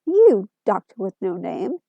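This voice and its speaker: A woman's voice: medium pitch, sing-song, unhurried, gravelly, mellow, slightly rough, no room sound, highs cut off, exaggerated voice. A woman voicing an arrogant rich man who collects aliens, boastful and smug.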